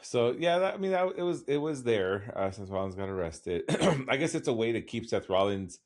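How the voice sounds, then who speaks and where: A man's voice: medium pitch, big pitch swings, normal speed. A man co-hosting a casual podcast recap, rambling along with wry laughs. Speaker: podcast co-host.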